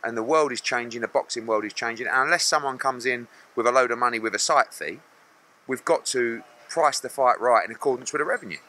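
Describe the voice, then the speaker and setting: A man's voice: medium pitch, a little fast, bright, forceful tone. A middle-aged man, a boxing promoter answering press questions bluntly and acting out other people's lines.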